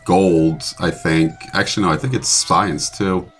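Very deep-voiced man rambling eagerly. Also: fairly even intonation, measured pace, a bit bright, faint music behind. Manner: enthusiastic, rambling, unsure with details. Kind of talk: casual gaming chat.

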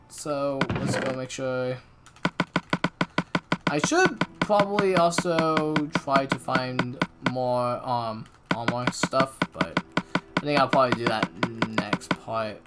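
A woman hosting a gaming channel, giving let's-play commentary as she talks to herself and yells at the game. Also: rumbling low, very noisy. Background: game music.

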